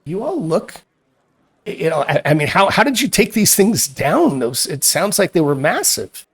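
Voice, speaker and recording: A man doing a fussy innkeeper lady, higher voice, stammering, fretful. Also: sing-song, normal speed, slightly rough, full character voice. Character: fussy middle-aged woman innkeeper.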